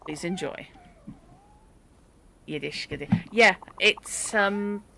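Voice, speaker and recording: Let's-play host, chatty and rambling, with a bright, forward voice and faint noise. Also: medium pitch, takes it slowly, vocal fry. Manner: chatty, reads from a dictionary, rambles, exclaims at a cat. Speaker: game streamer.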